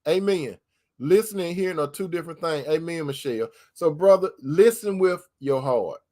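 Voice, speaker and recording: A man hosting an advice talk in a preacherly way, calling listeners brother and stretching key words slowly. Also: fairly high pitch, warm tone. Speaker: host giving relationship advice. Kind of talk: preacherly advice talk reading viewer comments.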